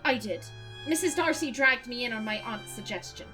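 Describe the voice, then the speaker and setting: Rich: An earnest middle-aged doctor from a video game, voiced in an Irish accent by a woman reading the part aloud. He lectures in a precise manner, and the voice is fairly high for a man. Faint violin music plays underneath. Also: lively intonation, normal speed, bright, forceful tone. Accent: put-on Irish. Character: middle-aged male doctor, curious about spirits.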